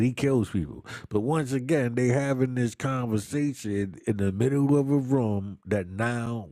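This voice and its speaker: A man's voice: fairly low pitch, warm tone, no room sound, clean studio sound. A man casually reviewing a movie, with a loose, slangy way of talking, repeating himself and often laughing. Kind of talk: casual chat.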